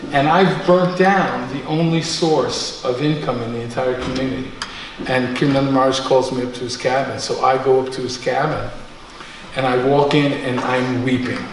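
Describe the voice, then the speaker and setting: A man in his sixties tells self-deprecating personal stories to a live group, animated and laughing often. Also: mid-range voice. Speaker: storyteller guest. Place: community center room. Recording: echoey room, mic far off, faint noise.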